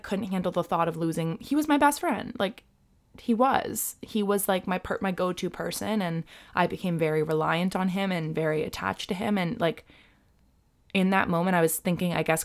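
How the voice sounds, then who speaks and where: A woman vlogger telling a personal story in a candid, emotional, confiding way. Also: fairly low pitch. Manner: emotional, confiding, frequent "like" fillers.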